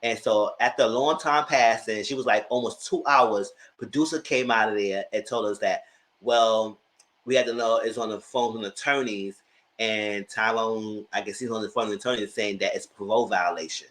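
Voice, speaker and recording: A man recapping a TV episode in a casual review, chatty and animated, dropping sassy asides and laughing often. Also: fairly low pitch, normal speed. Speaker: TV recap YouTuber.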